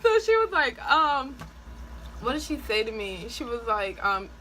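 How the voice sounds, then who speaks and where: A woman vlogger telling a personal story in a casual, animated way, full of "like" and quick laughs. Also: fairly high pitch, a little hiss or hum, rough recording. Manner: chatty, animated, frequent "like" and laughs.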